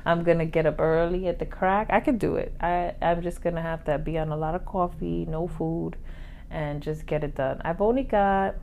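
A woman's voice: lowish voice, normal speed, creaky. A woman co-hosting a podcast, talking casually and getting riled up, with frequent laughs. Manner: animated, gets riled up and laughs. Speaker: podcast co-host. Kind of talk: casual chat.

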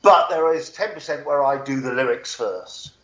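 A man's voice: mid-range voice, normal speed, a bit bright. A British man, a singer-songwriter guest, chatting casually and laughing at himself. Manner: chatty, laughing, self-mocking. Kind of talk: casual chat. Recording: roomy, dull lo-fi sound.

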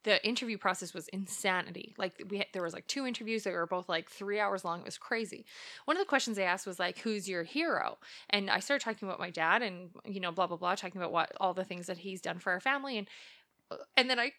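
A woman in her thirties, bright and lively, co-hosts a casual podcast. She teases her partner and jumps into animated stories of her own. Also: medium pitch, quick pace. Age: 30s. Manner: animated teasing storyteller. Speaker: podcast co-host. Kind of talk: casual chat.

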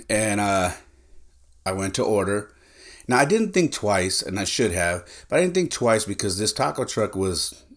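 A man with a very low voice hosts a podcast on his own. He tells everyday stories in a casual, direct way, with plenty of fillers and self-corrections. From San Jose, California. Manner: direct, chatty, lots of fillers and restarts. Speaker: podcast host. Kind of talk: casual storytelling monologue.

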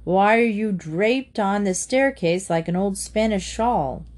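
A woman's voice: medium pitch, takes it slowly, darkish tone, natural voice. A woman voicing a father who teases his son dryly and speaks sternly. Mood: teasing, stern.

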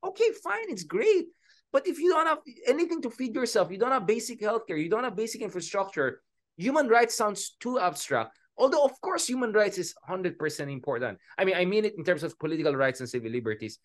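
A Filipino-accented man with a high voice speaks fairly quickly in a casual political chat, animated and switching between Filipino and English while addressing his co-host as "bro".

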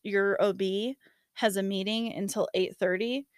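Recorded in a clean studio with no room sound, a young woman speaks in a steady, mid-range voice at a slightly slow pace. She is relating a lengthy personal story in a casual way, full of fillers and laughter, and she acts out quotes from others.

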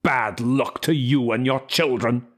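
A man's voice: high-pitched, normal speed, darkish tone, voice pushed up. A man voicing an angry, truculent working-class father who snaps and snarls, his voice raised above his usual reading. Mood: shouting angrily.

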